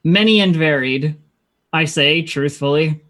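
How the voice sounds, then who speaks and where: A woman's voice: low voice, unhurried, a bit bright. A woman playing a sardonic female court jester in a tabletop game, dry and sarcastic.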